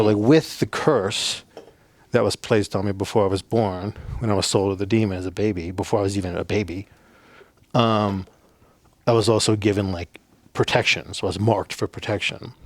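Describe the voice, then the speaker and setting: Middle-aged guy from the navajo rez, lowish voice, rambly, swears a lot, dry sound. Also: fairly even intonation, moderate pace, no echo. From Navajo reservation, United States. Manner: rambling, lots of fillers and cursing. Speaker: podcast guest, former soldier. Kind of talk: casual storytelling.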